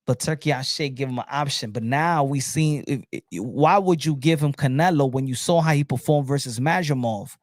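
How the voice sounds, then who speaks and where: A man delivers boxing commentary as a fired-up, profane rant. He repeats words in bursts and climbs into shouting. His voice sits at a middling pitch, recorded dry and close. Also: moderate pace, few pauses, no echo. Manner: heated and profane, voice rising to shouting.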